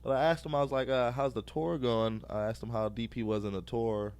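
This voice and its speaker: A man's voice: mid-range voice, steady tone, fairly quick, darkish tone, clear, resonant tone. A young man hosting a podcast, telling a rambling, profane story and laughing at his own jokes. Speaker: podcast host.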